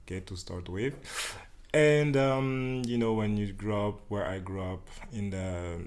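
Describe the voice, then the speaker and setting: A man's voice: lowish voice, measured pace, darkish tone. A man. He is a podcast guest, chatting casually and chuckling often, with loose, rambling phrasing. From Central African Republic. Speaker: podcast guest, dance organizer. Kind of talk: casual interview chat.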